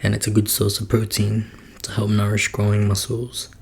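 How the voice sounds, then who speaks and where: Male ASMR creator, low, creaky voice, slipping between whispers and soft talk, dry asides. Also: completely flat delivery, normal speed, slight background noise. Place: his room at home.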